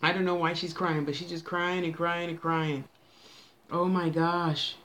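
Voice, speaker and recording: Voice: medium pitch, little pitch movement, a little slow, fairly bright tone. A psychic medium doing a casual live reading, chatting aloud with spirits in a folksy, bossy manner and stretching words out.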